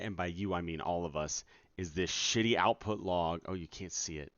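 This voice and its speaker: A man's voice: low voice, normal speed, a bit bright, no echo. A man streaming his game development from home, talking casually to his audience while he works, exasperated, sarcastic and swearing often. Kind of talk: casual live-stream commentary. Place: at home at night. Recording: dull lo-fi sound.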